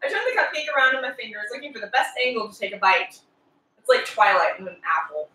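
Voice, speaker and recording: A woman's voice: mid-range voice, big pitch swings, fast, bright, forceful tone. A woman streamer reading game narration aloud with giggly, sarcastic asides, recorded far from the mic in an echoey room.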